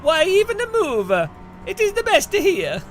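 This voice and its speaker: A man's voice: extremely high pitch, wildly swooping pitch, unhurried, slight background noise, voice pushed up, full character voice. Man hamming up a bragging mock-italian local. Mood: boastful. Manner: bragging, rising shouty delivery. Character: boastful Italian man proud of his hometown.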